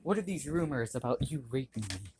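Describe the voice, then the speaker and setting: A man's voice: medium pitch, sing-song, a little fast, noisy background, lightly acted. A young man voicing a scheming, cruel young woman with a sneering, contemptuous manner, in his own voice. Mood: scornful.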